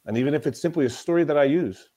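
Racing in a rather high yet dark-toned voice, a man guests on a conversational podcast as a mental toughness coach. He tells stories with strong emphasis, often repeating himself.

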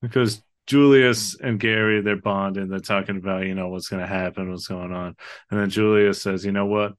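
A man's voice: sits low, fairly even intonation, moderate pace. A man co-hosting a casual film discussion, earnest and emotional, swearing casually now and then. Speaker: podcast co-host.

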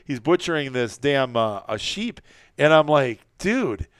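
A man hosting a podcast, telling stories in an energetic, casual way, with swearing and rambling asides. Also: medium pitch, normal speed, smooth, no room sound, clean studio sound. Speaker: podcast host. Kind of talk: casual storytelling chat.

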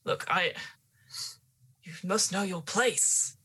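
A woman voicing an older male gardener, gruff and protective, who speaks in a firm, formal, commanding way. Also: lowish voice, slow pace, pushed and bright, exaggerated voice. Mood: stern.

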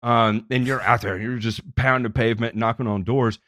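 A man hosting a podcast, telling stories in a casual, profane and animated way. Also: mid-range voice, moderate pace, no echo, studio quality.

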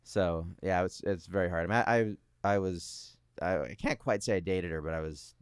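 Smooth-voiced relaxed young man. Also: deep voice, moderate pace, dry recording, clean studio sound. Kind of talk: casual conversation.

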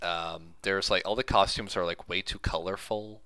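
A man with a low, bright and clear voice picks apart a film in casual chat. His take is dry and critical, and he restarts his sentences as he goes. The sound is close and dry. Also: fairly even intonation, moderate pace, no echo. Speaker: podcast co-host reviewing a film.

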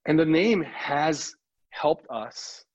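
A middle-aged male pastor with a husky voice spins a lively story, slipping into the voices of the people he quotes. The recording sounds a little muffled and lo-fi. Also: fairly high pitch, drawn-out words. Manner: animated storyteller who acts out quoted dialogue. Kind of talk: storytelling in a podcast interview.

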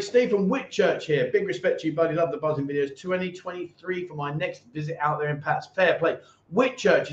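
Chatty man on a livestream. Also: sits high. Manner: chatty, jokey banter with viewers. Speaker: livestream host. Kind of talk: casual live chat reading comments. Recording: echoey room, dull lo-fi sound.

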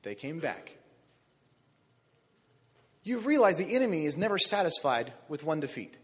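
A man preaching a sermon, animated, acting out voices of biblical figures. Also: fairly high pitch, normal speed, pauses often, husky, in a large hall. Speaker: pastor.

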